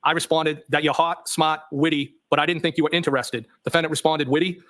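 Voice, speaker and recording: A man's voice: fairly high pitch, steady tone, brisk, a bit bright. A man testifying as a witness in a courtroom, reading text messages aloud and naming each punctuation mark. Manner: reads plainly, voicing punctuation marks. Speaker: trial witness.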